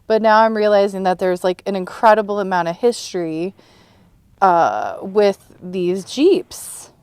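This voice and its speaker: A woman co-hosting a car restoration video, chatting casually, excited and laughing often. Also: mid-range voice, unhurried, clear, resonant tone, no echo. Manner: bubbly and excited, laughs often, rambling explanations. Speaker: co-host and producer of a car restoration channel. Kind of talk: casual on-camera chat.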